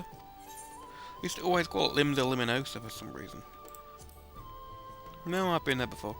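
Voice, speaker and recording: A man's voice: medium pitch, expressive, moderate pace, gravelly, pauses often, a bit bright, soft background music. Chatty self-mocking man gaming. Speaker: gameplay commentator. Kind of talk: casual let's-play commentary.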